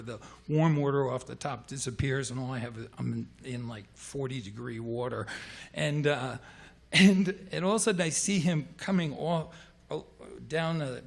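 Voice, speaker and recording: A man's voice: medium pitch, vocal fry. A man telling a personal story live at a restaurant story slam, in a casual, hesitant way.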